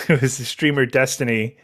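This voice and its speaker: A man's voice: medium pitch, steady tone, moderate pace, fairly bright tone. A man as a podcast guest in casual chat, laid-back, drawing out his phrases and restarting them often.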